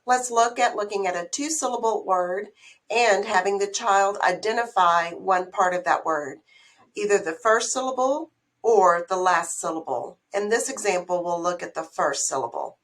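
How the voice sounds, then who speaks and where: A woman's voice: mid-range voice, moderate pace, a bit bright, low-quality recording. A woman teacher presenting slides, explaining the activities in a conversational way with small restarts.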